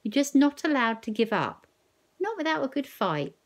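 A woman's voice: high voice, sing-song, moderate pace, pitched above the performer's own voice, full character voice. A woman reading a novel aloud, voicing an elderly grandmother who speaks earnestly and coaxingly. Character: elderly grandmother, gentle but firm.

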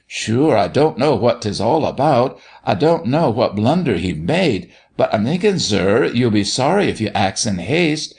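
A man voicing a timid young girl, pleading gently in a raised, soft voice. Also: medium pitch, sing-song, unhurried, few pauses, pitched above the performer's own voice.

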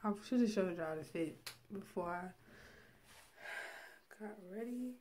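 A woman's voice: medium pitch, measured pace, a little mellow, slight background noise. Chatty young woman vlogging to camera. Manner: chatty, laughs often, addresses viewers as y'all. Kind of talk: casual vlog chat.

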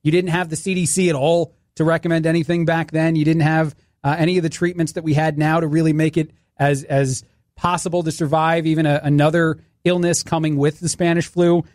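Sarcastic radio guy filling in, kinda high-pitched, rambles, super dry mic. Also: little pitch movement, brisk, a little mellow, no echo. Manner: sarcastic, rambling, restarts often. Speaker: fill-in radio talk show host. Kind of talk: casual talk radio monologue.

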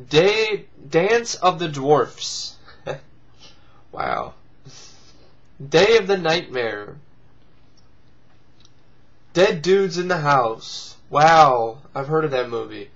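A man talks slowly and drily with a slightly high voice, riffing sarcastically and cursing freely. The sound is dull and lo-fi, like an old home video. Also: expressive, fairly bright tone. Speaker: vlog host. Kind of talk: casual comedic commentary.

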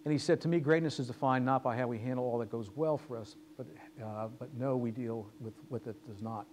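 A man talks quickly through a lecture, spinning business stories and voicing both sides of each conversation. His pitch sits in an ordinary middle range. A faint hum of room noise stays under the voice. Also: darkish tone. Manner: storytelling, acting out quoted dialogue. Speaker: guest speaker. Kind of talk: lecture with anecdotes. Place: lecture hall.

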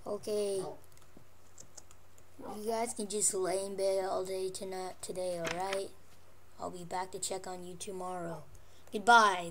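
A woman playing Minecraft and chatting casually, coaxing and fussing over her pet wolves in an excitable voice. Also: medium pitch, unhurried. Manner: excitable, jumps between squeals and mutters. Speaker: Minecraft let's player. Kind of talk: casual gameplay commentary.

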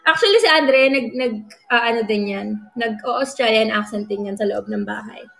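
A woman's voice: a little high, a little fast, vocal fry, fairly bright tone. A woman with a Filipino accent hosting a casual livestream, chatting bubbly in mixed English and Tagalog and calling out thanks to viewers. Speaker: livestream host. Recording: roomy sound with faint music.

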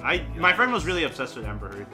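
A man's voice: on the high side, very animated, fast, music in the background. A young man co-hosting a podcast, rambling casually with lots of fillers and laughter. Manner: rambling, laughs a lot, swears. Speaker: podcast co-host. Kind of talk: casual chat.

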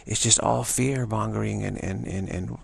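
A man giving a slow, repetitive dharma talk as a spiritual teacher, often restarting and chanting a soft "wow" refrain. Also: on the low side, fairly even intonation, dry recording. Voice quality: gravelly and husky.

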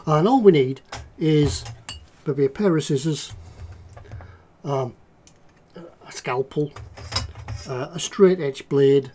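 A man's voice: fairly high pitch, takes it slowly, pauses often, dark tone, slight background noise. A man hosting a casual livestream about model making, chatting in a rambling, jokey way. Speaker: livestream host, model maker.

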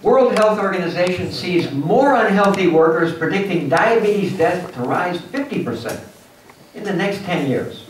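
A man giving a lively motivational lecture at a symposium, acting out little scenes for his audience. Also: sits high, moderate pace, slight background noise. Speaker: guest speaker at a symposium. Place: university lecture hall. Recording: echoey hall from far off.

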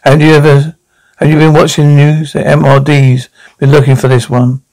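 Man as suspicious townsman, accusing, quick, gravelly. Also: fairly high pitch, monotone, darkish tone, natural voice, rough recording. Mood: hostile. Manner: accusing, agitated.

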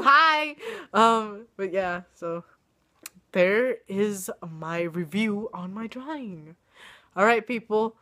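Sick and sounding it, a young woman in her young adult years vlogs casually into a phone camera or webcam. Her mid-range, slightly bright voice is worn and drops in and out while she chats and teases herself.

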